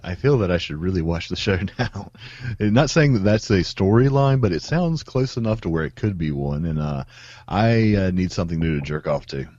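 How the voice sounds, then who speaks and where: Low male podcast guest, crude deadpan humor, dry slightly muffled audio. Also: moderate pace, no echo. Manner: joking, crude deadpan asides. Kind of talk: casual podcast banter.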